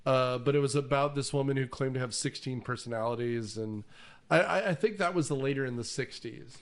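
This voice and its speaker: A man's voice: medium pitch, a little fast. A man hosting a casual movie podcast, talking enthusiastically with frequent fillers and restarts. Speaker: podcast host.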